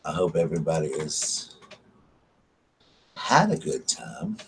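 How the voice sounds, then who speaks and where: A man's voice: rumbling low, sing-song, slow, gravelly, a little hiss or hum, poor audio. A man chatting casually and gushingly to his live stream viewers, full of fillers. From Southern United States. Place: home at night by candlelight.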